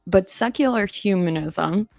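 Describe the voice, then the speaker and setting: A woman's voice: mid-range voice, measured pace, creaky, darkish tone, dry recording, faint music behind. A woman around thirty giving casual, offhand commentary on a live stream, mocking herself and laughing often.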